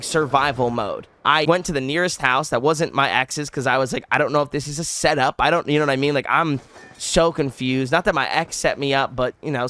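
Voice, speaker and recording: A young man casually telling a story on his vlog, animated and rambling, with many likes and restarts. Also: medium pitch. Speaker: vlogger.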